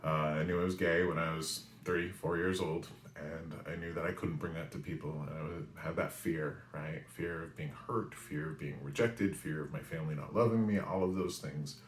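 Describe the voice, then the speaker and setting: Deep-voiced man in his forties, roomy sound. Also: moderate pace, hardly any pauses, slight background noise. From New England. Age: 40s. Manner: animated storyteller who often asks "right?". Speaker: spiritual reader and weekly message host. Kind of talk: storytelling monologue. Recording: roomy echo.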